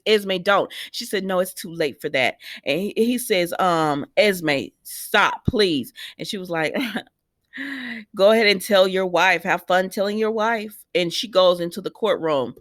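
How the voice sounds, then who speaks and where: A woman's voice: fairly low pitch, fairly bright tone, no echo, studio quality. Chatty woman recapping soap scenes. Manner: chatty, retells scenes quoting characters, talks back at them. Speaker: soap opera recap vlogger. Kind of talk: casual episode recap.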